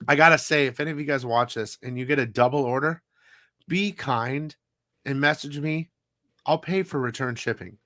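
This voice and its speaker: A man hosts a comic haul live stream, chatting casually with rambling, profane, loose storytelling. His mid-range voice is a bit bright, and there's no echo.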